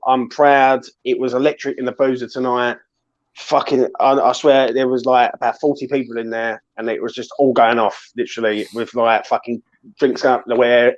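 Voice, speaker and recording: A man hosts a fan chat, emotional and sweary, calling his mates bruv. His voice sits at a middling pitch. The sound is dry and dull, like lo-fi call audio. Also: no echo. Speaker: fan channel host. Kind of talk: excited post-match fan chat.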